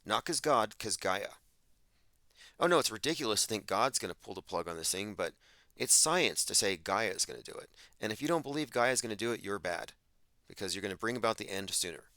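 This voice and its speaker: Sharp-toned, emphatic male podcast host. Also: on the low side, lively intonation, a little fast, dry recording. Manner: emphatic, sardonic, mocking quoted voices. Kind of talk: monologue commentary.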